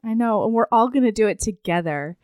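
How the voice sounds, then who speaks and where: A woman's voice: a little high, expressive, fairly quick, darkish tone, no echo, clean studio sound. A woman podcast co-host chatting casually over a remote call, giggly and reassuring. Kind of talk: casual chat.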